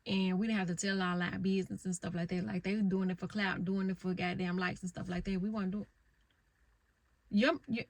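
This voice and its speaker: A woman's voice: mid-range voice, flat delivery, a little fast, no room sound. A middle-aged woman vlogging from her parked car, telling stories in a blunt, rambling way and swearing freely. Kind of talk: casual candid storytelling.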